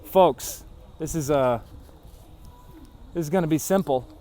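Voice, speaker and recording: A man's voice: fairly high pitch, a little slow. A man giving playful showman-style commentary into a handheld camera outdoors during a race. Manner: loud, jokey showman patter. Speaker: race competitor. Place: outdoors at a resort cable-car station. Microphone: handheld camera turned on himself.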